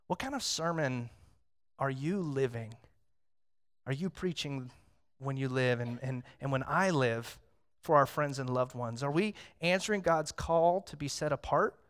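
Man, pastor, sermon, slightly high voice, conversational storytelling, hushed to loud. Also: normal speed.

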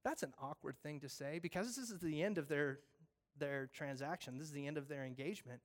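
A man preaching a sermon, animated, acting out scenes with voices and pleading earnestly. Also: a little high, fairly quick. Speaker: pastor.

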